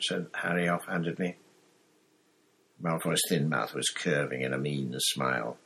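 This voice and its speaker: Deep, husky male storyteller. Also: measured pace, pushed and bright. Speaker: narrator. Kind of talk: audiobook reading.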